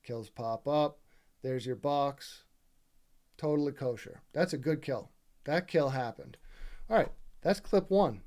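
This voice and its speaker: A man's voice: mid-range voice, slow, long pauses, darkish tone. Exasperated man ranting over game clips. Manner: exasperated, profane, keeps asking "right?". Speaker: gaming video creator. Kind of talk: casual commentary over gameplay footage.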